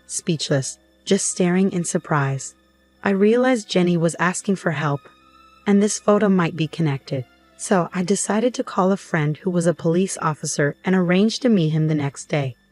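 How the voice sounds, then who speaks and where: Low-voiced woman narrating a story. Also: a little mellow. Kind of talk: scripted first-person story narration. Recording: faint background music.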